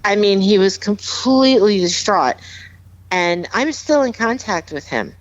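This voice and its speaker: A woman's voice: mid-range voice, lively intonation, unhurried, dry recording, muffled recording. A woman guest on a podcast, earnestly telling a personal story with emphatic repeats. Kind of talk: heartfelt storytelling, casual chat.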